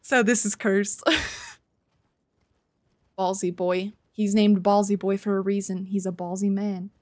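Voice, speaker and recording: A woman streaming a video game live, excitable and cursing freely, shouting in triumph and chatting to her viewers, a little out of breath. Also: medium pitch, measured pace, no echo, studio quality. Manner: excitable, swears a lot, shouts and squeals in wins. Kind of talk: live gameplay commentary.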